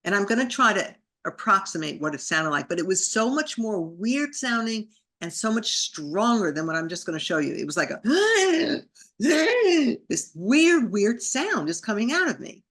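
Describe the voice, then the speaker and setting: A woman's voice: medium pitch, sing-song, fairly quick, few pauses, a bit bright. A woman, a podcast guest, telling a personal story vividly, acting out her inner thoughts in an emotional way.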